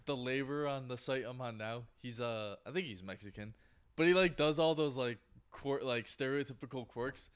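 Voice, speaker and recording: A man's voice: mid-range voice, normal speed, fairly bright tone, clear, resonant tone. A man co-hosting a casual podcast chat, teasing the others with short quips. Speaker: podcast co-host.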